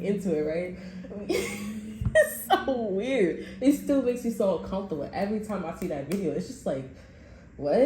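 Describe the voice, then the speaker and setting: A woman's voice: medium pitch, warm tone. A woman giving a reading in casual chat, telling a story in loose, profane slang and laughing often. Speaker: tarot reader. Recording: echoey room, faint noise.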